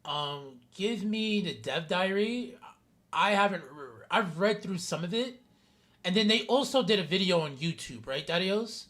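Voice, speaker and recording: High-voiced man chatting through a live game stream. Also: lively intonation, a little slow, a bit bright. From New York City. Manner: chatty, talks to viewers by name, swears casually. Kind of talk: casual live-stream gameplay commentary.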